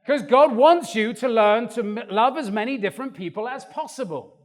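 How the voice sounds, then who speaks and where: An older man preaching a sermon in a church, animated and acting out quoted voices. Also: very high-pitched, moderate pace. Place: church hall. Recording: long reverb of a church hall.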